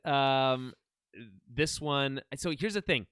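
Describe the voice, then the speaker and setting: A man's voice: mid-range voice, takes it slowly, a bit bright, smooth. A man co-hosting a casual show review, rambling with fillers and restarts, wry and dry in his humor. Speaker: podcast co-host.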